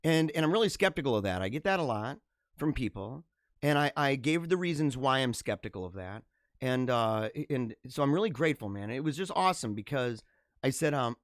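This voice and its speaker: A man hosting a livestream, chatting casually and answering viewer comments in an animated, talkative way. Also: mid-range voice, fairly quick, no echo, clean studio sound. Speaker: livestream host.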